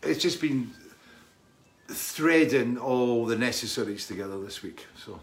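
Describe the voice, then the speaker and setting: A man's voice: mid-range voice, animated, unhurried, faint music behind. Rambling friendly male livestream host. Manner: rambling, friendly, reads out viewer names. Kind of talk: casual live-stream chat.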